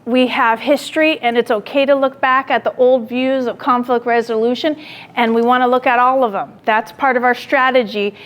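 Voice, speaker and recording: A woman's voice: fairly high pitch, steady tone, moderate pace, a bit bright. A woman giving a classroom lecture, telling a personal story and acting out her own lines with animation, then putting questions to the audience. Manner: asks the audience direct questions.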